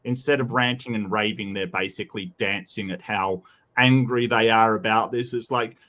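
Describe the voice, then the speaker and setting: A man's voice: on the low side, fairly even intonation, moderate pace, pushed and bright. A man with a Western Australian accent, co-hosting a debate review in casual, rambling chat. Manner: rambling, many restarts and quoted asides.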